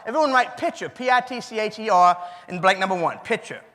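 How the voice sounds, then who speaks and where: With a Cajun accent and a high, fairly bright voice, a man gives a chatty, folksy keynote, talking fast with lively intonation. He engages the audience and repeats their answers back, and the hall's reverb is audible.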